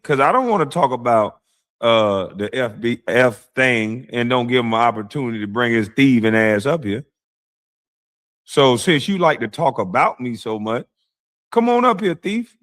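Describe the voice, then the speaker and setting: A man hosting a casual livestream, reacting to a clip with mocking, blunt commentary and frequent laughter. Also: mid-range voice. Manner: mocking, animated, laughs often, blunt slang. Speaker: streamer, show host.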